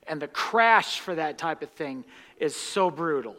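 A man's voice: fairly high pitch, animated, unhurried, bright, forceful tone. A male pastor preaching a sermon in a church sanctuary, emphatic and repeating key lines for stress. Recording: long reverb of a large hall.

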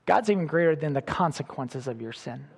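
Middle-aged guy preaching, kinda high voice, gets loud then real soft, big church echo. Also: fairly quick, creaky, husky. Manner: animated preaching with sudden loud bursts and soft drops. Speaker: pastor. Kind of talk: sermon.

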